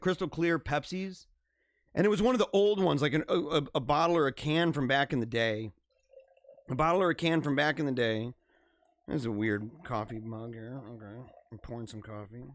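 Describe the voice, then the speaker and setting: Dude with a high voice hosting a livestream, jokey and rambling, dry mic. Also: male voice, no echo. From United States. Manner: rambling, joking, chuckles often. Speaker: livestream host. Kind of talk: casual commentary reading news.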